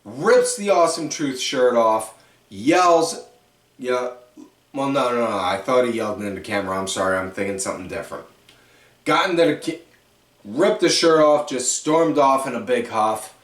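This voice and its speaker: A man hosting a wrestling recap podcast, telling matches as animated play-by-play and correcting himself as he goes. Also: mid-range voice, moderate pace. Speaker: podcast host. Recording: echoey room, distant mic.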